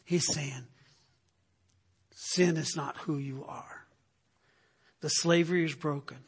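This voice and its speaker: An older man preaching a sermon, telling animated stories and repeating phrases for emphasis. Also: on the high side, slightly rough. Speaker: pastor. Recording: long hall reverb.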